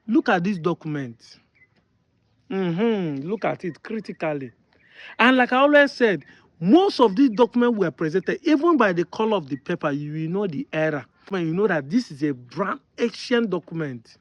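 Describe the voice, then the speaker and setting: High-voiced, insistent Nigerian man. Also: very animated, moderate pace, no room sound, highs cut off. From Delta State, Nigeria. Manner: emphatic, insistent, repeats points. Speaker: online commentator. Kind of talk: opinion monologue to camera.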